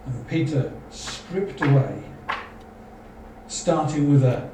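A man's voice: fairly high pitch, lively intonation, slow pace. A man preaching a sermon in an earnest, questioning, exhorting manner. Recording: echoey hall, from far off, faint noise.

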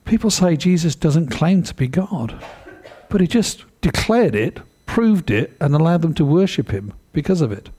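A man preaching a sermon in a conversational, animated way, often asking his listeners questions. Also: on the high side, normal speed, husky.

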